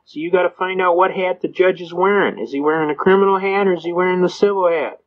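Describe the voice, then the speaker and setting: A man's voice: high voice, fairly even intonation, quick pace. An older man, an attorney, lecturing and telling folksy courtroom stories in which he acts out the judge, the cop and the defendant, chuckling as he goes. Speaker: constitutional attorney speaker. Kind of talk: anecdotal lecture with acted quotes. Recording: dull lo-fi recording.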